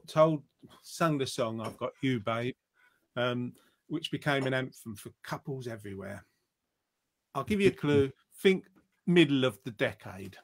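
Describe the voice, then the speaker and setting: A man's voice: medium pitch, no echo. A man hosting an online quiz show, reading out viewers' answers and teasing them in a jokey way. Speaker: quiz host.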